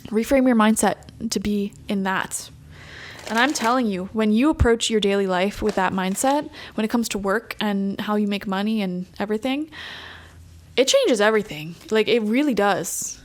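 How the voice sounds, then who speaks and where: A young woman giving a casual pick-a-card tarot reading, chatty and animated, laughing often. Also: mid-range voice, normal speed. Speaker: tarot reader.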